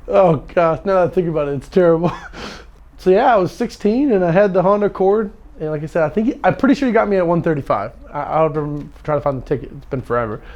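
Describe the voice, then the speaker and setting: A man's voice: a little high, fast talker, a little mellow. Laughing man telling a story. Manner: laughing often, repeating words. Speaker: storyteller guest. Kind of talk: casual storytelling.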